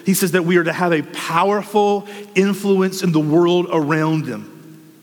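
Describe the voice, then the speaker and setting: A man's voice: high voice, measured pace. Impassioned male preacher in a reverberant hall. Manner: impassioned preaching with rhetorical questions. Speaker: pastor. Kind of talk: sermon.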